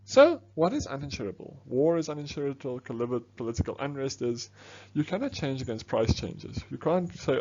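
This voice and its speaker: Fast-talking man teaching business studies. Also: medium pitch, very animated, darkish tone, lo-fi sound. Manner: quick, chatty explaining with frequent "okay"s. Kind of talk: exam revision lesson.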